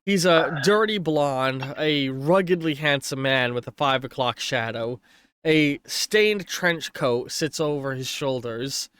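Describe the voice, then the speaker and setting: A man's voice: medium pitch, lively intonation, slow, a bit bright, clean tone, no room sound, studio quality. A man narrating as game master of a tabletop game on a stream, rambling and correcting himself as he goes.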